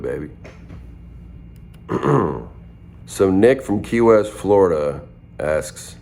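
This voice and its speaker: A man from southern Minnesota in his twenties chats casually through a fan Q&A. His voice sits extremely low with a gravelly fry. He talks in a relaxed, playful drawl. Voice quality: very deep, gravelly voice. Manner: laid-back, drawling and playful. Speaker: rapper answering fan questions. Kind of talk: casual chat.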